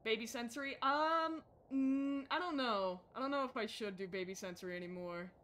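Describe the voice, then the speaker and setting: A young woman streaming a game live, chatting casually with her viewers and getting excitable. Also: on the high side, moderate pace. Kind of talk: casual live-stream chat while playing. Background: faint background music.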